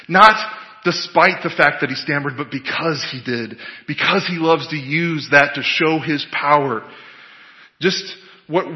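A man preaching a sermon, telling a story with animated emphasis and hesitant fillers, recorded in an echoey hall with a dull, lo-fi sound. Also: on the high side. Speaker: pastor.

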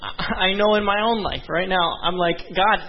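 Speaking at a normal speed in a high voice, a young pastor delivers an earnest, conversational sermon and often turns aside to address the congregation. The audio is dull and lo-fi.

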